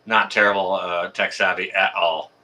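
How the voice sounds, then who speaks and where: Chatty man hosting a livestream, bright voice. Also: low-pitched, level tone, normal speed. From Canada. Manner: friendly, chatty, many ums and uhs. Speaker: livestream host. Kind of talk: casual live chat greeting viewers.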